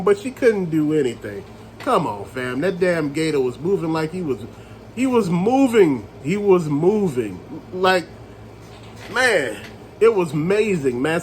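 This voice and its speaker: A man reviewing a movie in a casual rant, retelling scenes with animated storytelling and calling his viewers family. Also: high voice, slight background noise, rough recording.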